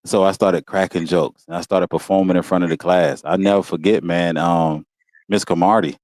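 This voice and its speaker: A man telling stories about his school days in a relaxed, casual way, often laughing and saying "you know what I'm saying". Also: sits low, moderate pace, no echo. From Walterboro, South Carolina. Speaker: guest. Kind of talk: casual storytelling. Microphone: video call.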